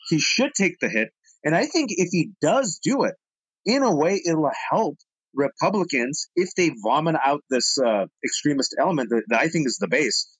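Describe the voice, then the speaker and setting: Guy columnist on a panel, chatty and animated, talks right at the audience, dry mic. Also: normal speed, husky, no room sound, poor audio. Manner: lively, swings pitch, addresses audience directly. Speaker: interview guest, columnist. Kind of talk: animated political storytelling.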